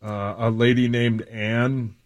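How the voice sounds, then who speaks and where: A man co-hosting morning radio, throwing in quick jokes. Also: medium pitch, flat delivery, no room sound, studio quality. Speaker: radio co-host. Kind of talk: casual morning radio chat.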